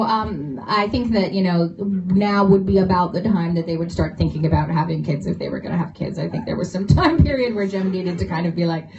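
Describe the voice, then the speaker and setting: This woman has a medium-pitched, darkish voice, and a slight hiss or hum runs under it. She's an author on a bookshop panel, answering questions casually with laughter and plenty of fillers. It's a dull lo-fi phone recording made from the audience.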